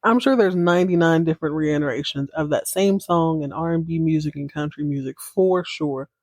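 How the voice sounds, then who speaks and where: A woman's voice: sits low, a little fast, a little mellow, dry recording, studio quality. A woman hosting a casual podcast, giving a chatty, playful and dramatic retelling full of asides. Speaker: podcast host.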